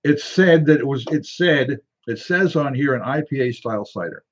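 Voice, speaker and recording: A man's voice: mid-range voice, lively intonation, moderate pace, dull audio, a little hiss or hum. A man hosting a casual tasting video, reading a can label aloud and joking to himself in a rambling, wry way. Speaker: drink reviewer.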